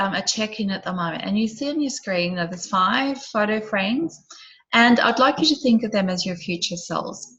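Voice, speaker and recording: A woman leading an online group session, guiding listeners through a visualization with gentle questions that often drop soft and quiet. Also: medium pitch, dull audio. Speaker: program facilitator.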